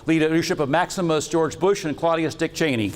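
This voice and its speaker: A man's voice: a little high, brisk, long reverb tail, heavy background noise. A man giving a lecture with slides on metaphysics, talking in a rambling, jokey and irreverent way.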